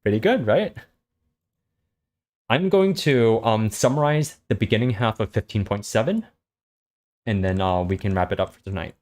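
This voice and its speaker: A man reading a story aloud and summarizing it in a relaxed way, with lots of fillers. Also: fairly low pitch, moderate pace, long pauses. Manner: relaxed, hesitant with many fillers. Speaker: host reading a web serial aloud.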